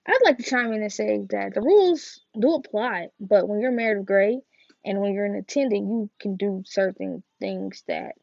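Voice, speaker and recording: A woman talks through a TV episode in a loose, rambling way, full of fillers and slang. Her voice is heavily gravelly and mellow-toned. The recording is dry and a little dull. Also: mid-range voice, moderate pace, no room sound. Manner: chatty, rambling, filler-heavy with slangy asides. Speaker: TV review vlogger. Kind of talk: casual chat.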